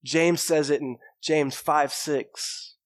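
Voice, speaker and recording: A man's voice: fairly high pitch, steady tone, takes it slowly. Man preaching in a casual storytelling way. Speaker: pastor. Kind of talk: sermon. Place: church.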